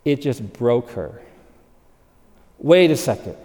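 Male preacher, upper-register voice, animated sermon delivery that drops to quiet intimacy, recorded in a hall with a long echo tail. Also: on the high side, a little slow. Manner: animated, swings from loud emphasis to hushed softness. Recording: long reverb of a large hall.

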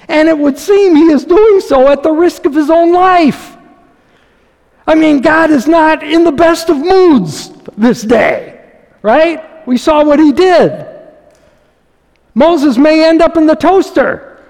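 A man's voice: very high-pitched, expressive, slow, a little mellow, long reverb tail. A man preaching a sermon as pastor, reading scripture dramatically and talking animatedly with chuckles.

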